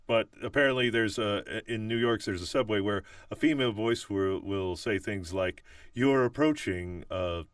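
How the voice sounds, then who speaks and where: Podcast host: man, lowish pitch, hesitant and filler-heavy, dry room, distant from mic. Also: normal speed, few pauses, smooth, dry recording. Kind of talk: casual interview chat.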